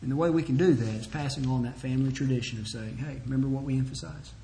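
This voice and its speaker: A man's voice: mid-range voice, quick pace, dark tone, a little hiss or hum. A man preaching a sermon to a congregation, earnestly exhorting families, quoting scripture and acting out little conversations. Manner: earnest, exhorting, quotes scripture and acts out short dialogues.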